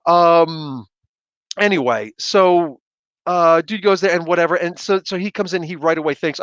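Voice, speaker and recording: A man's voice: fairly high pitch, lively intonation, moderate pace, a bit bright, dry recording. A man hosting a casual livestream chat, telling a story in a blunt, rambling, ranting way with lots of fillers. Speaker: host. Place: home livestream setup.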